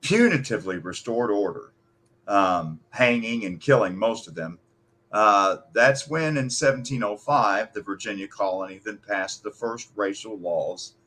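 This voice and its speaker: A man's voice: on the low side, lively intonation, a little slow, fairly bright tone. A man from the United States in heated political talk, impassioned and emphatic, swearing freely.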